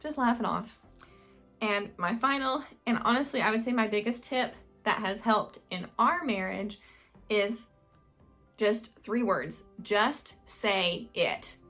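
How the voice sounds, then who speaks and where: A woman's voice: on the high side, unhurried, fairly bright tone, faint music behind. Chatty young woman vlogger. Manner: chatty, rambling, many fillers and self-corrections. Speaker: lifestyle vlogger. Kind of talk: casual advice chat to camera.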